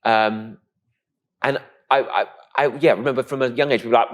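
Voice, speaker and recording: A man from England with a posh-sounding voice, telling stories in a camp, animated way as a guest in an interview. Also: medium pitch, fast. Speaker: comedian guest. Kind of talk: casual interview chat.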